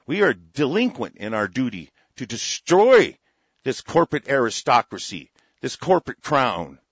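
A man's voice: mid-range voice, very animated, normal speed, slightly rough, no room sound, muffled recording. A middle-aged man ranting angrily about politics, swearing constantly and stumbling over restarts. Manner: angry, profane, stammering restarts. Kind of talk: profane political rant.

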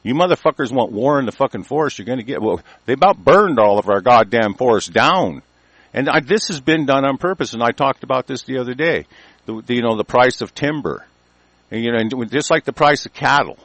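Calling a talk show from rural mountain country, a middle-aged man rants angrily in a mid-range, slightly bright and expressive voice at a fairly quick pace. His heated, profane tirade rambles with many restarts, and there's no echo on the line.

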